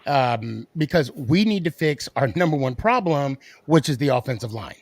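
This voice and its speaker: A man's voice: medium pitch, lively intonation, normal speed. A man hosting a casual sports podcast, joking and playful, laughing often. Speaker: podcast host.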